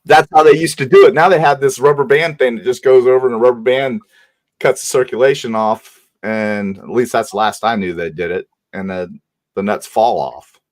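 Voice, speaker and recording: A man hosting a panel livestream, telling a story in a casual way and acting out the shouted lines of others in a raised voice. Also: medium pitch, moderate pace, no echo. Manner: animated, acts out shouted quotes in a raised voice. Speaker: host.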